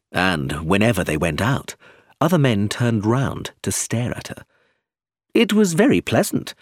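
A man narrating an audiobook chapter in an expressive, dramatic storytelling manner. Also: deep voice, no echo, clean studio sound. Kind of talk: scripted narration.

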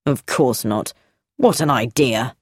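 A woman's voice: rumbling low, takes it slowly, husky, no echo, clean studio sound, voice pushed down, heavily acted. A woman voicing a stiff, cold older brother, a businessman who speaks coldly and defensively.

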